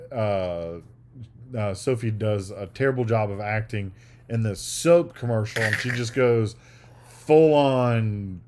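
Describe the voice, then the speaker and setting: A man with a lowish voice co-hosts a podcast in easy casual chat. He rambles through his thoughts and now and then slips into playing out the scenes he describes. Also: takes it slowly, a little mellow, slight background noise. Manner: rambling, acts out quoted scenes. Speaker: podcast co-host.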